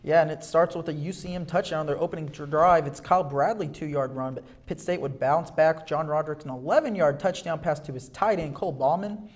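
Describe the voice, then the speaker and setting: A young man co-hosting a sports show, narrating football highlights with energy and quick self-corrections. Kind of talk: highlight play-by-play commentary.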